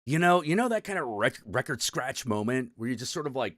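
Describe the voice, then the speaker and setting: A man's voice: mid-range voice, very animated, fairly quick, hardly any pauses, fairly bright tone, no room sound, studio quality. A man hosting his own stream, ranting casually and profanely to his chat, rambling and exasperated with lots of restarts. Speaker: stream host.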